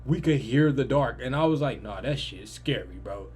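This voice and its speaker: A young man telling a story in a lively, casual way, jumping to loud, high-pitched quoted lines. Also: moderate pace, breathy edge. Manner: animated, swings loud and high in quoted lines, swears freely. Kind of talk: animated storytelling.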